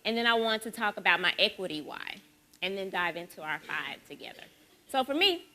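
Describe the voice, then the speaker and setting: Bright-voiced Southern woman giving a keynote. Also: mid-range voice, brisk. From Memphis, Tennessee. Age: 40s. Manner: lively, conversational, rhetorical questions. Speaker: symposium speaker. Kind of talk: conference keynote talk.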